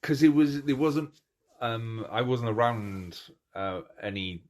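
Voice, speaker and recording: A middle-aged man hosting a podcast in casual chat, telling stories in an animated way with lots of restarts. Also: medium pitch, slow pace. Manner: animated storyteller, acts out crowd cheers; chatty, many restarts and fillers. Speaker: podcast host.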